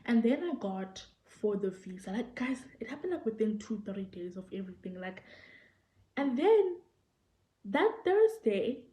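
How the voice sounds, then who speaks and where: A young South African woman with a South African accent, telling a story to the camera in an animated, excitable way and acting out what people said. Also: mid-range voice, measured pace. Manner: animated, excitable storytelling, acts out quoted people, repeats phrases. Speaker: vlogger. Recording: echoey room.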